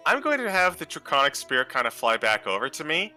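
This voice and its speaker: A man's voice: fairly high pitch, huge pitch swings, fast talker, pushed and bright, faint music behind. A man casually describing his character's actions as a player in a tabletop game.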